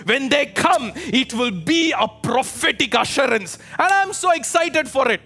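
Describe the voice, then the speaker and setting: A man with a high, bright voice preaches a fervent sermon, calling out to his congregation and pressing them to answer. Soft music runs underneath his voice. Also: animated, moderate pace, hardly any pauses. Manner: fervent, exhorting, calls out to the congregation. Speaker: pastor. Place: church with a live congregation.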